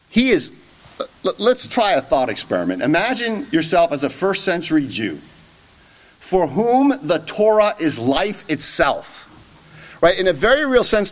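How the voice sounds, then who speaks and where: A man preaching an expository sermon, emphatic and often checking in with a rhetorical "right?". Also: sits high.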